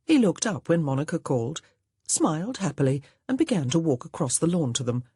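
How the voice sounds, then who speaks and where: A woman narrating a historical romance audiobook, expressive and voicing each character. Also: low-pitched, fairly quick, husky, no room sound, studio quality. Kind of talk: scripted narration.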